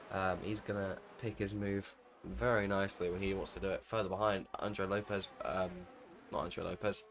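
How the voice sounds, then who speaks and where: A man calls a sim race in a fairly low voice, getting louder and more excited as the cars go into the corners. He often stops to correct himself. A faint hiss sits under the recording. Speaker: lead commentator. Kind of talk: sim racing commentary.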